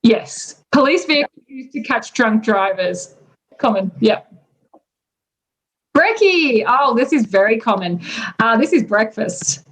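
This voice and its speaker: Australian woman, unhurried, slightly high voice, chatty explainer of everyday slang. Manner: relaxed and chatty, pausing with ums. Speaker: native speaker explaining slang. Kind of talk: casual explanation.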